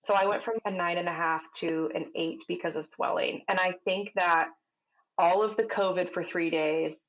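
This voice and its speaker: A woman's voice: lowish voice, normal speed, lo-fi sound. A woman, a podcast guest, telling a personal story in casual chat and acting out the voices of the people she quotes. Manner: animated, acts out quoted voices.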